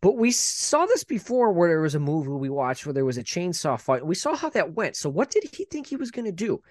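A man's voice: a little high, very animated, a little fast, a little mellow, no echo, studio quality. A man co-hosting a casual movie chat in a laid-back, joking way. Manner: laid-back, peppers talk with "dude" and laughs. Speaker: podcast co-host.

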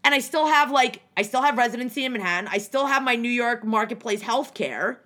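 Bright-voiced, animated young woman storyteller. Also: on the high side, a little fast. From New Jersey. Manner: animated, profane, rambling with many restarts and acted-out quotes. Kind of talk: casual storytelling chat.

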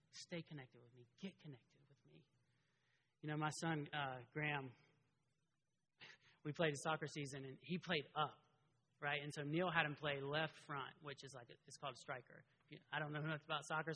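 Husky, bright-voiced preacher in a hall. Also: male voice, fairly high pitch. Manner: conversational, animated, with frequent restarts. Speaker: pastor. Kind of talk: sermon. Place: church sanctuary. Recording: long reverb of a large hall.

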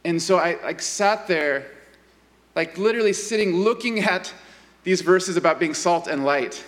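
Earnest male pastor, high voice, church hall with long reverb. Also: unhurried, a bit bright. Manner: earnest, with repeated fillers and restarts. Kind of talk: sermon. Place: church sanctuary.

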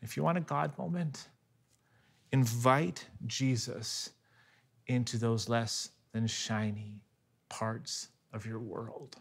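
A man in his thirties preaching a sermon, telling a story with animated delivery, often restarting on repeated words. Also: mid-range voice, slow, gravelly, husky. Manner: animated storytelling, voice rising when excited and dropping soft for quiet moments. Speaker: pastor.

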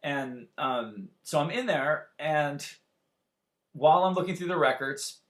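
A man in his forties tells a long story in a relaxed chat. His voice sits a little high, and he talks in an animated, profane way, slipping into the voices of people he quotes. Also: measured pace. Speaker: musician guest telling a story.

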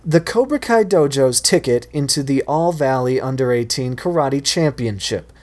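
Confident teen girl voiced by a male reader, cocky and defiant, higher pitch. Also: lively intonation, moderate pace, darkish tone, lightly acted. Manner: cocky, snorting.

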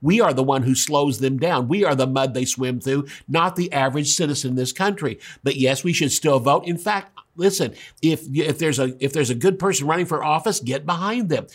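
A pastor from the United States delivers a sermon in a slightly high-pitched voice. He is emphatic but conversational and keeps asking the congregation rhetorical questions. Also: fairly quick, few pauses.

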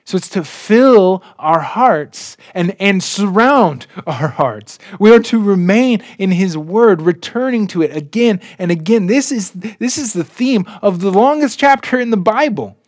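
Slow, earnest man preaching a sermon. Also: sits high, animated, dry recording, clean studio sound. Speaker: pastor.

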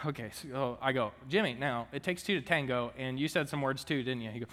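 A man's voice: medium pitch, normal speed, fairly bright tone, long reverb tail. A young man and student minister giving a chatty, joking sermon to his church. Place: church sanctuary.

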